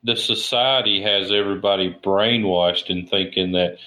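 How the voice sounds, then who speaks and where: A man's voice: deep voice, fairly even intonation, normal speed, bright, forceful tone, poor audio. A man with a Southern US accent, co-hosting a podcast and ribbing the others in a brash, boastful way. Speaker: podcast co-host. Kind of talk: casual joking banter.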